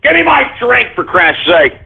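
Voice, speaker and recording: Man, angry talk-radio rant, profane, high voice, husky. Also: big pitch swings, normal speed. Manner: loud, profane, indignant ranting with repeated catchphrases. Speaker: radio show host. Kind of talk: ranting talk radio monologue. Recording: phone-like lo-fi radio audio.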